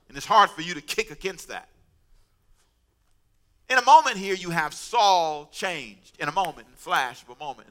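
A middle-aged man preaching a sermon as pastor, animated and humorous, with asides. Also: a little high.

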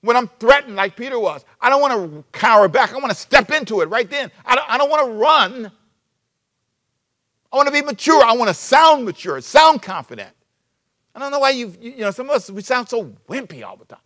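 High-voiced preacher man. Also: a little fast. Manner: animated preaching, sudden shifts between loud emphasis and soft asides; repeats words, restarts phrases. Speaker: pastor. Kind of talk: sermon.

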